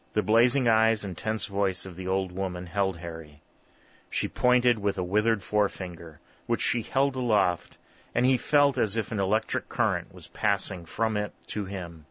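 A man narrating a story in a steady, measured reading. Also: lowish voice, no room sound. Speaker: audiobook narrator. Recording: dull, lo-fi dry recording.

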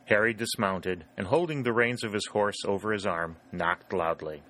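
Narrator: man, lowish voice, steady even reading of a historical novel. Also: normal speed, few pauses. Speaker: audiobook narrator. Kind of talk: scripted narration.

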